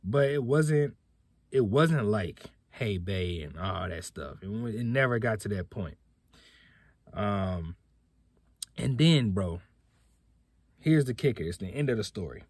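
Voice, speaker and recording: A man's voice: lowish voice, lively intonation, slow, long pauses, darkish tone, slightly rough, dry recording. A young man hosting a podcast, telling a personal story in a laid-back, slangy way. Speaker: podcast host. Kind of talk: casual storytelling.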